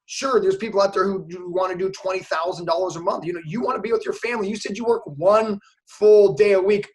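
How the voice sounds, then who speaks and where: A man's voice: sits high, fast talker, darkish tone. A man hosting an interview, talking casually and with open feeling, often using "like" and "you know". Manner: enthusiastic, emotional, lots of fillers like "like". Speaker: host, course creator.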